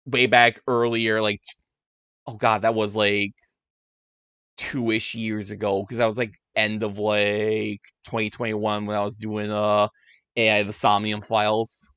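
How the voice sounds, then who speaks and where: A man's voice: on the low side, monotone, a little slow, a bit bright, smooth, no echo, highs cut off. A man streaming a game as a VTuber, chatting casually and rambling with frequent restarts. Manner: rambling, self-correcting, chatty.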